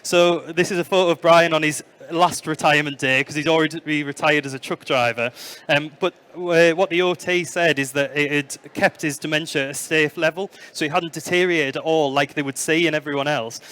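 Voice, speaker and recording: A man's voice: fairly high pitch, fairly even intonation, a little fast. A middle-aged man giving a conference talk, telling anecdotes with plenty of fillers. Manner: storytelling, warm anecdotes with fillers. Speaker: museum product development manager giving a conference talk. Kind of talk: conference presentation.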